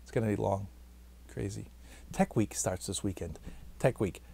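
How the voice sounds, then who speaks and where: A man's voice: on the low side, normal speed, creaky, warm tone, slightly rough. A tired man, a vlogger and stage actor, rambling to camera in a chatty, self-mocking way and talking on past his own sign-off. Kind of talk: rambling casual monologue to camera.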